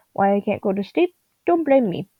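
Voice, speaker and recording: A woman's voice: medium pitch, no room sound. A tired young woman at home at night, giving casual commentary while drawing, rambling and giggling to herself. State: tired, groggy. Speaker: digital artist vlogger. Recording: dull lo-fi home mic.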